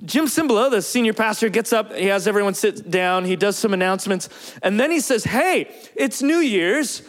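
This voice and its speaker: A man preaching, telling a personal story in a lively, animated way and acting out the quotes. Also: sits high, a little fast. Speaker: pastor. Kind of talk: storytelling sermon.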